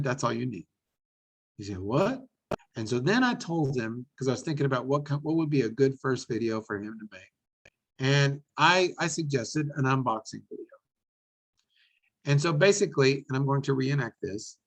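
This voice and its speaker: A man presents a business webinar with animated enthusiasm, frequently repeating words as he goes. His voice is medium-pitched, and the recording is rough.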